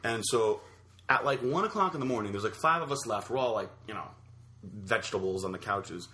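A man co-hosting a podcast, telling a story in a rambling, halting way with many fillers. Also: on the low side, sharp tone. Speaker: podcast co-host. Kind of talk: casual storytelling chat.

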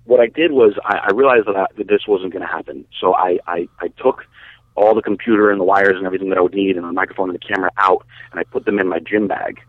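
A man telling a long story in casual podcast talk, animated, swearing and acting out what people said. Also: sits low, quick pace, dry recording. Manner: animated, swearing, acts out quotes. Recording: dry, phone-like narrow sound.

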